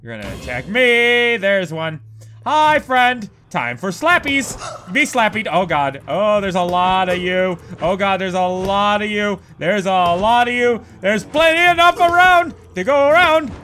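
Excitable, swearing man playing a game. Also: high-pitched, measured pace, slight background noise. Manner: excitable, profane outbursts. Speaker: gameplay commentator. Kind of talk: let's play commentary.

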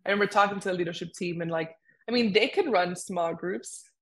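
This young woman co-hosts a podcast, her voice lowish and brisk. She chats casually and animatedly, filling her speech with lots of fillers.

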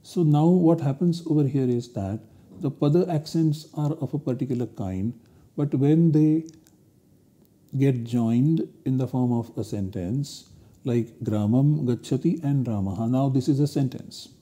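A man's voice: medium pitch, measured pace, mellow. A man giving a university lecture, explaining step by step in a methodical way.

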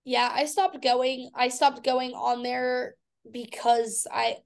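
A woman's voice: high-pitched, fairly even intonation, takes it slowly. A woman in her twenties, a guest in an interview, telling her story candidly and bluntly, swearing freely. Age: 20s. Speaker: guest, fitness athlete.

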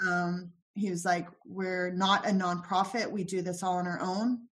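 A young woman guest on a podcast interview, telling a personal story with quoted dialogue, soft and halting, with many pauses and ums. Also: fairly low pitch, level tone.

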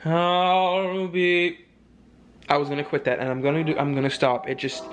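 A man's voice: mid-range voice, flat delivery, very fast, soft background music. A man chatting casually to camera in a vlog, dramatic and slangy as he talks. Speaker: vlogger.

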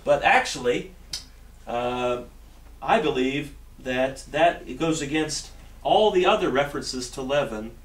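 A man's voice: mid-range voice, lively intonation, measured pace. A man preaching a sermon in a church, earnest, often repeating himself and restarting phrases. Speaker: pastor. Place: church sanctuary. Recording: roomy echo, mic at a distance, faint hiss.

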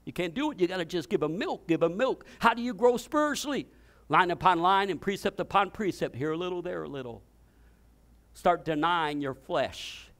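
A pastor preaching an impassioned sermon, swinging between loud declarations and hushed, intimate passages. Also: male voice, high-pitched, animated, moderate pace.

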